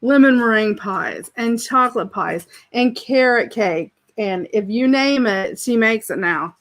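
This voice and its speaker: Speaking a little slowly in a fairly high voice with lively intonation, a woman chats casually with live viewers on her home craft stream. She's warm and talkative, laughs a lot, and reads their comments out loud.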